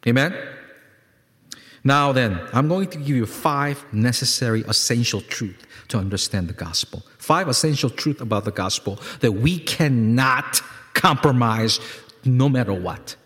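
A male pastor preaching a sermon, emphatic and repetitive, swinging from loud peaks to quiet lows and calling on the congregation to respond. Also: expressive, a little slow. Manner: repeats words for emphasis, asks congregation to respond. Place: church sanctuary. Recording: long hall reverb.

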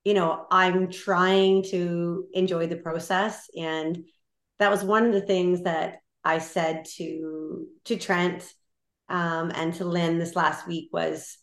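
Candid woman in a roomy echo. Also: fairly low pitch. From Canada. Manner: candid and animated, with many fillers. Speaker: guest, Olympic marathoner. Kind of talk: casual interview chat.

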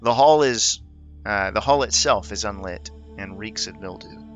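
A man narrating a tabletop role-playing game as game master, describing scenes vividly and pausing often with uh and um. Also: fairly low pitch, over music. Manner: descriptive, laughs easily, fills pauses with uh and um.

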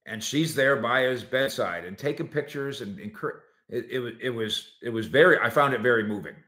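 A man's voice: mid-range voice, a little fast, echoey room. A man hosting a solo sports talk show, arguing his points and talking directly to his listeners. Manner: animated, argumentative, talks to listeners directly. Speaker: sports podcast host.

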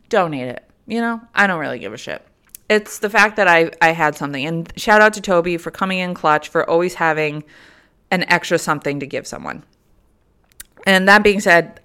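A woman's voice: low voice, pushed and bright, clear, resonant tone. A young woman and mother of three telling a funny story to her viewers in a chatty, casual way, laughing and swearing freely. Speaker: vlogger.

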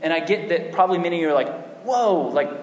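A man preaching a sermon in an animated way, with repeated restarts and sudden bursts of emphasis. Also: on the high side, racing. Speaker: pastor. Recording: echoey hall with long reverb.

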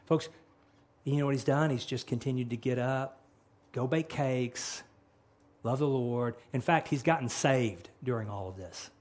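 A man's voice: mid-range voice, a little slow, a little mellow. A man preaching a sermon who retells scripture dramatically and acts out its dialogue. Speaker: pastor.

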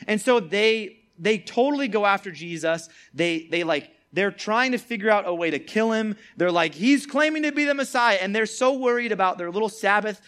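A man's voice: high voice, normal speed, few pauses, a bit bright. A man giving a casual Bible lesson as a preacher, chatty and peppered with tag questions. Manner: chatty, peppered with "like" and "all right?". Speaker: youth preacher.

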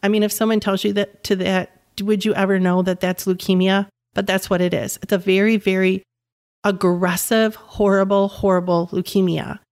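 A woman's voice: mid-range voice, little pitch movement, normal speed, darkish tone. A woman in her fifties, a caregiving mother telling her story as an interview guest, earnest and emphatic, repeating words for stress. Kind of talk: personal storytelling in conversation.

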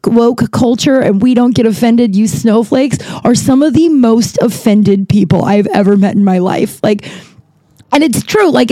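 A woman's voice: fairly high pitch, warm tone, no echo. A young woman telling rambling stories in a casual chat, full of fillers and swearing. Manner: chatty, rambling, profane, frequent "like" fillers. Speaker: podcast host. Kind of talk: casual storytelling.

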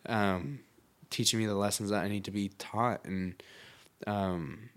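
A man's voice: on the low side, steady tone, measured pace. A man talking candidly in a casual podcast chat, swearing freely and filling his talk with likes and you-knows.

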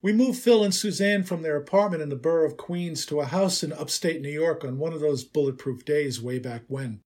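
An older man, a writer, narrating a personal story in a wry, unhurried way. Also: a little high, a little mellow.

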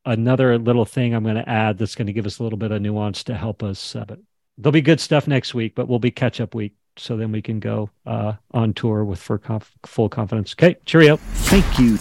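A man's voice: fairly low pitch, a little fast, gravelly, music in the background. A man hosting and coaching an online class, talking in an impassioned way and acting out the dialogue from his stories. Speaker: podcast host and coach. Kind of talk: animated teaching session on a video call.

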